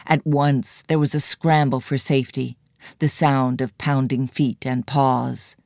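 A woman narrating a children's story in a measured, expressive reading. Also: extremely low pitch, no echo, clean studio sound.

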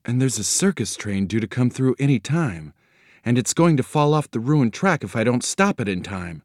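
Narrator doing upbeat folksy guy from a storybook, bouncy pitch. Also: big pitch swings, moderate pace, a little mellow, no echo, studio quality. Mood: cheery. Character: cheery, easily worried man.

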